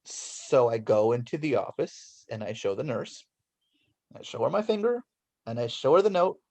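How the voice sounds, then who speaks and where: A man in his forties from Los Angeles, a guest telling a childhood story in an animated way and acting out the voices. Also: medium pitch, normal speed.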